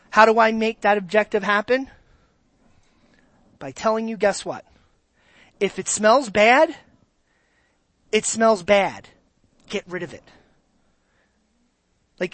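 A pastor preaching a sermon in an animated way, moving from quiet asides to loud exclamations and asking the congregation direct questions. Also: medium pitch, no echo.

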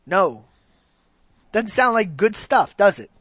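A man's voice: sits high, very animated, slow, fairly bright tone, breathy edge, dry recording. A man preaching a sermon in a conversational way, often asking his congregation questions.

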